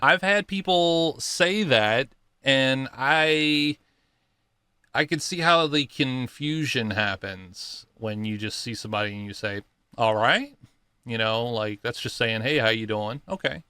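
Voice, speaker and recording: A man hosting a reaction video, musing in an easygoing way with frequent pauses. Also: medium pitch, pushed and bright, smooth, no echo, clean studio sound. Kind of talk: casual reaction commentary.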